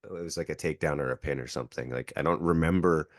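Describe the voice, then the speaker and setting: Guy in his thirties, low voice, chatty storyteller who leans on "like" and acts out quotes. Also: fast talker, dry recording, clean studio sound. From Canada. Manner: filler-heavy, acts out quotes. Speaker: podcast guest, jiu-jitsu coach. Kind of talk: casual storytelling.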